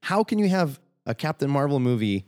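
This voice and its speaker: A man co-hosting a comic book podcast, bantering in a jokey, animated way. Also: medium pitch, brisk. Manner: jokey, animated, swings from loud to mumbled asides. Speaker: podcast co-host.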